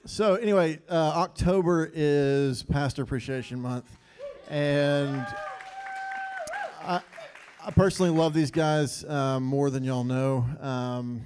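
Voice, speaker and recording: A man's voice: medium pitch, darkish tone, clear, resonant tone. A man leading an earnest spontaneous prayer in church, saying God between phrases, with hesitant ums. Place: church sanctuary.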